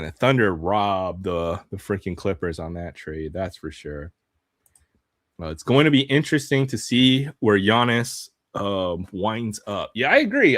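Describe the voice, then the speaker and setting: A man with a low voice talks casually to his live stream audience while opening cards, laughing often and trailing off into ums. The sound is dry and close, with no room around it. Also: a bit bright, no room sound.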